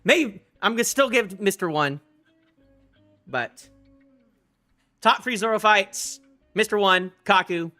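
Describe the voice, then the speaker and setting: Excitable high-voiced young man ranting. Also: takes it slowly, long pauses, faint music behind. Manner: rambling and excitable, stumbling restarts, swears. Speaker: streamer reacting to a manga chapter. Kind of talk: live reaction rant, casual.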